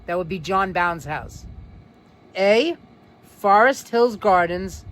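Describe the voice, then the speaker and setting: A man with a New York accent and a high, somewhat bright, animated voice hosts a live stream. He reads viewer comments aloud and runs a quiz in a chatty style, stretching out key words and leaning heavily on fillers.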